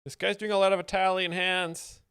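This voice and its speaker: A man with a smooth, clear voice, a little high, giving dry, mock-professorial commentary on a live stream. He is close on a studio mic in a dry room. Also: flat delivery, normal speed, a bit bright, no echo. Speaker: host explaining jokes.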